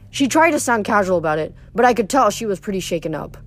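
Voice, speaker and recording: A woman's voice: medium pitch, lively intonation, fast talker, few pauses, soft background music. A woman reading a novel aloud expressively, with occasional slips and restarts. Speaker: reader.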